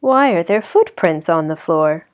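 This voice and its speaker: A woman voicing a soft-spoken mother bear in a storybook reading, speaking softly and low. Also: animated, unhurried. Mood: surprised.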